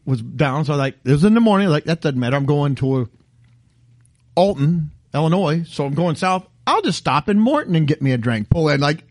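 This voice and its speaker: A middle-aged man rants in casual chat, full of mock outrage. His voice sits high for a man and swings all over. The sound is dry and close. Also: a little fast, no echo. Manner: animated ranting, mock outrage. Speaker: podcast co-host.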